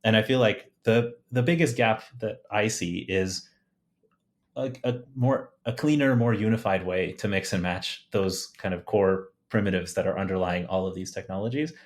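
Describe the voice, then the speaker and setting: A man speaks at a moderate pace in a lowish voice, appearing as a guest engineer on a podcast. His casual tech talk is enthusiastic, sprinkled with fillers, restarts, and light laughs.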